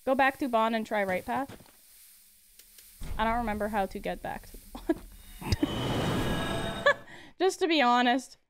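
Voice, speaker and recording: High-voiced giggly woman streamer. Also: expressive, a little slow, long pauses, background noise. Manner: giggly and chatty, answering chat. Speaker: game streamer. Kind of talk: casual live-stream gameplay commentary.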